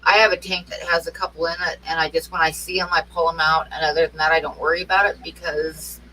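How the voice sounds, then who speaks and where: Woman guest, bright sharp voice, calm matter-of-fact tone, faint noise behind. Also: low-pitched, fast talker, distant mic, rough recording. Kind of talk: casual chat.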